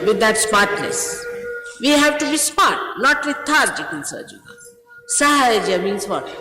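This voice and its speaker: A woman's voice: mid-range voice, echoey room, long reverb tail, slight background noise, low-quality recording. An older woman, a spiritual teacher, scolding and urging her followers, emphatic, often repeating herself and laughing between remarks.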